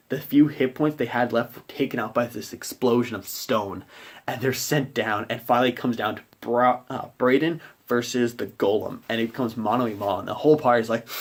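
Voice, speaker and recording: Chatty man recapping his game session. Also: medium pitch. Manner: rambling and conversational, acting out players' reactions. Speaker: game master.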